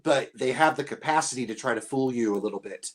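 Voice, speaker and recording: A man's voice: mid-range voice, fast talker. A man appearing as a guest on a live stream, chatting enthusiastically and laughing often. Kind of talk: casual live-stream chat.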